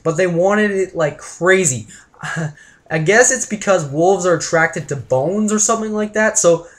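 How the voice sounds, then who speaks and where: A man's voice: high voice, a little slow, a bit bright. A young man from Canada telling a wild story to his viewers in a joking, exaggerated vlog style. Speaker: vlogger.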